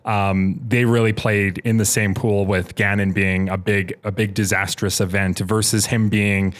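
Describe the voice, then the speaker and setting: A man's voice: on the low side, little pitch movement, a little slow. A man co-hosting a casual podcast who agrees eagerly and talks fondly about old games.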